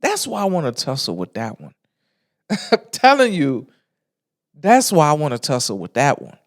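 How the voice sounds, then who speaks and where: Animated, profane woman ranting. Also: low voice, normal speed. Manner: animated, profane, laughs often. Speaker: podcast host. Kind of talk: casual ranting commentary.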